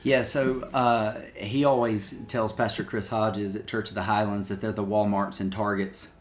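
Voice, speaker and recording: Male pastor guest, lowish voice, relaxed and friendly storyteller. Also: moderate pace, slight background noise. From small-town Alabama, US. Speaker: campus pastor, podcast guest. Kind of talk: casual interview chat.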